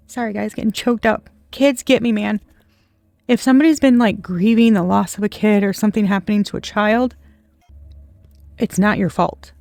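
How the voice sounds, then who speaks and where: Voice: medium pitch, vocal fry, dry recording. Rambling casual tarot reader, dry sound. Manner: rambling, chatty, speaks to unseen viewers; casual swearing and soft laughs. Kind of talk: casual intuitive tarot reading.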